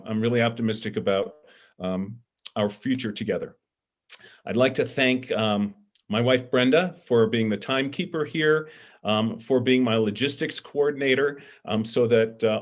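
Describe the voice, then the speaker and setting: A middle-aged man moderating a candidate forum over a video call, earnest and heartfelt, pausing often with ums. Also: mid-range voice.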